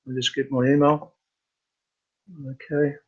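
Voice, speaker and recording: A man hosting a casual live computer training webinar, talking in a halting way with many fillers and restarts. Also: mid-range voice, level tone, dull audio.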